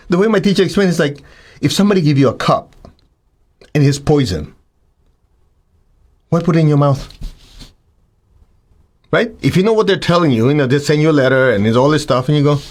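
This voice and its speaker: A man giving a spiritual talk to his students, animated and acting out the voices of students and of himself. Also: on the high side, brisk, pauses often. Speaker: spiritual teacher.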